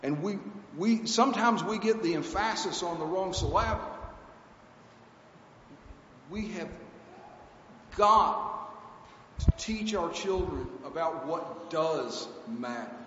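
A man's voice: high voice, animated, takes it slowly, long pauses, a bit bright. A man preaching a sermon in an earnest, emphatic, conversational way, repeating key phrases for weight. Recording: echoey hall, dull lo-fi sound, faint hiss.

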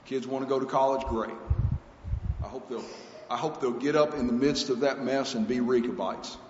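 Earnest preacher in an echoey hall. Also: male voice, medium pitch, normal speed. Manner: earnest, emphatic, conversational preaching with repetitions. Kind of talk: sermon. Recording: echoey hall, dull lo-fi sound, faint hiss.

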